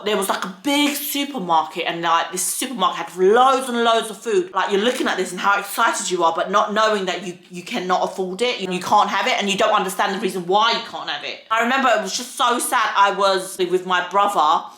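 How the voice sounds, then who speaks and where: Bright-voiced woman telling her story. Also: medium pitch, fairly quick, hardly any pauses, roomy sound. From United Kingdom. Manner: earnest, candid, slangy retelling. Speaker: vlogger. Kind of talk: casual storytelling. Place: home filming set.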